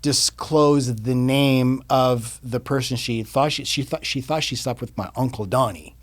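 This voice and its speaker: A man in his fifties, a podcast guest, telling a personal story in casual interview talk, animated and repeating words as he goes. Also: mid-range voice, measured pace. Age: 50s.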